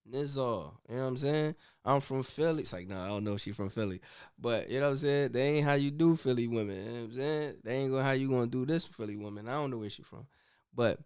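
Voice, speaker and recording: A man hosting a casual commentary show, talking in an animated, slangy way with frequent "you know what I'm saying.". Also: medium pitch, quick pace, smooth. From United States. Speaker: host.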